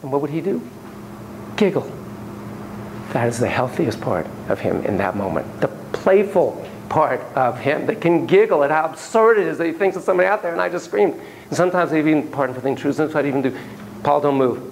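A man lecturing a class, telling stories in an animated, playful way and acting out sound effects. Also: a little high, fairly quick, creaky, slight background noise, rough recording.

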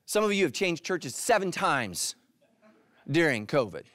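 A man preaching a sermon as pastor, animated and speaking straight to his listeners. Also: on the high side, a little slow, noisy background. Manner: animated, addresses listeners directly.

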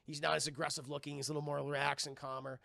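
Man, excitable livestream movie recap, profane, frequent restarts, very gravelly voice, high pitch. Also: rapid-fire, no echo, clean studio sound. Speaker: streamer and movie reviewer. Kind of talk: casual livestream commentary.

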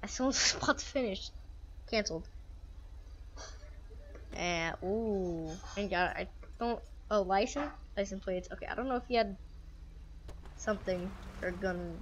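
A woman's voice: mid-range voice, unhurried, pauses often, slight background noise. Chatty woman narrating gameplay. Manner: chatty, laughs often, talks to game characters. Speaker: gamer playing a police sim. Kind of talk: casual gameplay commentary.

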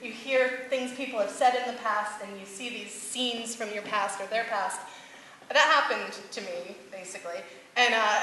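A young woman, a singer-songwriter, telling a personal story on stage to a live audience, animated and laughing often, with many fillers. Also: a little high, a little hiss or hum. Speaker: singer-songwriter giving a talk. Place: stage before a live audience, echoey hall. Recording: echoey hall with faint ambience.

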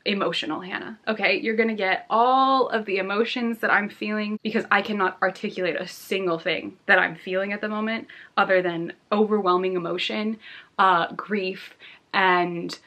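A woman's voice: medium pitch, steady tone, moderate pace, sharp tone. A woman chatting casually on camera as a book reviewer, gushing and effusive, at times tearful and laughing. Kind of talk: casual vlog chat.

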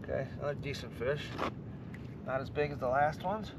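A man, excitedly talking to viewers while ice fishing on a frozen lake. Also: medium pitch, brisk. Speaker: fishing vlogger. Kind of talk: casual outdoor commentary. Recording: outdoor wind noise, distant mic.

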